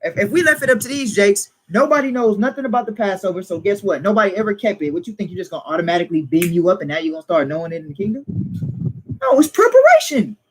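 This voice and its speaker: High-pitched male teacher, fiery informal preaching, rhetorical jabs, faint background noise. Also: sing-song, quick pace, rough recording. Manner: emphatic, rhetorical questions, teasing laughs. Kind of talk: informal preaching to a small group.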